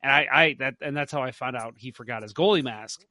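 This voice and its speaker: A man co-hosting a casual podcast, telling a story with lively acted-out quotes. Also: medium pitch, fairly quick, no echo. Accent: St. Louis. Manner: animated, acts out his own quotes. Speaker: podcast co-host.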